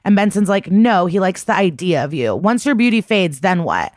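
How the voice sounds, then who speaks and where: A woman's voice: lowish voice, very animated, normal speed, darkish tone, no room sound, studio quality. A woman co-hosting a podcast, chatty and profane, recapping a TV episode and acting out its lines. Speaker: podcast co-host.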